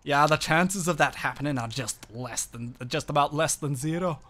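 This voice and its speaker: A man voicing a calm, encouraging young woman in a let's-play, reading her lines gently. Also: on the high side, normal speed.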